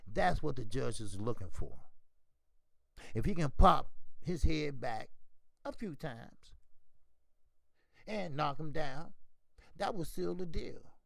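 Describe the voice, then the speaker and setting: A man hosting a boxing channel, talking casually in animated, profane trash-talk. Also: fairly high pitch, takes it slowly, creaky, long pauses, dry recording. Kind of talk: casual commentary.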